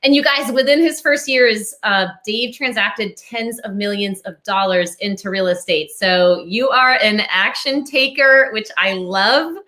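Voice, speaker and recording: A woman's voice: mid-range voice, unhurried, hardly any pauses, pushed and bright. A woman from Rhode Island with a slight Southern American accent, hosting a casual live-stream interview, chatty and giggly as she talks to her audience. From Rhode Island, USA. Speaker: podcast host.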